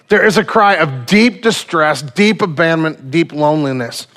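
A man's voice: fairly high pitch, lively intonation, moderate pace, hardly any pauses, fairly bright tone. A man preaching a sermon as pastor in a church, talking in an earnest, conversational way with frequent fillers. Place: church sanctuary.

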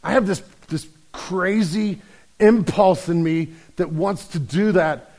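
A man's voice: on the high side, big pitch swings, a little fast, mellow. A male preacher voicing a remorseful man with an uncontrollable impulse, apologetic and pleading in a joke told from the pulpit.

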